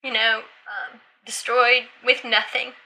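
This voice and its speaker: Her tone is steady, bright and forceful, and her pace is slow. This middle-aged woman is a podcast guest sharing an emotional story conversationally, rising in pitch as she quotes others, captured in poor audio.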